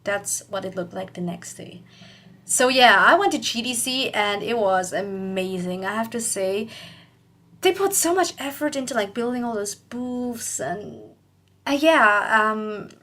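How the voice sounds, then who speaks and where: A woman's voice: a little high, expressive, a little slow, fairly bright tone. Chatty young woman telling a story. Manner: chatty, rambling, laughs often, acts out quotes. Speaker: YouTuber. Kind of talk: casual storytelling vlog.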